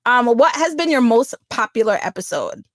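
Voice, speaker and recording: New York woman hosting a podcast, high voice, dry close sound, playful and chatty. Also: big pitch swings, normal speed, a bit bright, no room sound. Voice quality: chatty, self-deprecating, playful. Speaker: podcast host. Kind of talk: casual interview chat.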